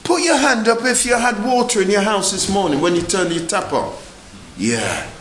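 A man preaching a lively sermon, asking the congregation questions and joking with them. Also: sits high, normal speed, reverberant, slight background noise, rough recording. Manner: animated, asks the congregation questions, jokes. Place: church.

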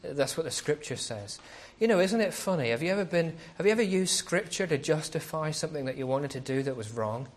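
A man's voice: fairly high pitch, lively intonation, brisk, hardly any pauses. A man preaching a sermon as a pastor, speaking conversationally and often asking rhetorical questions.

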